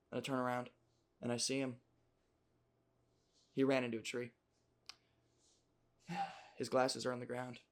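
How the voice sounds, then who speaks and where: A man's voice: mid-range voice, creaky, darkish tone. A young man casually telling a rambling, jokey childhood story, full of self-mocking asides.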